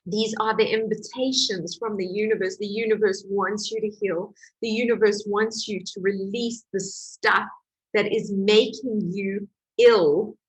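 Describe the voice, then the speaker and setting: A woman who is a healing coach, telling her own story in an emotional, animated way with laughs. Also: mid-range voice, husky, low-quality recording. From Portugal. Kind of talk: personal testimony to camera.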